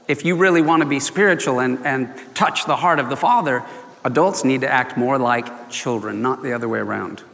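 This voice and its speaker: A man delivers a sermon from the pulpit, his fairly high voice jumping all over its range as he laughs and acts out little voices. The sound carries a long reverb from the church sanctuary. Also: creaky. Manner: animated, laughing, acting out voices of people in the story. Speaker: pastor.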